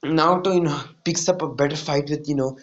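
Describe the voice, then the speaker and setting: A man's voice: fairly high pitch, steady tone, fast, dull audio. Rambling man retelling a fan story. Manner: rambling, full of "like" and "you know".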